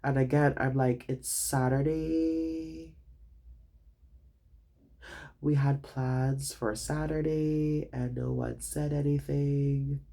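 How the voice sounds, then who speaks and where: A young man, a student, retelling his day in a casual vlog, animated and dramatic, swearing freely. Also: mid-range voice, slow pace, gravelly, few pauses.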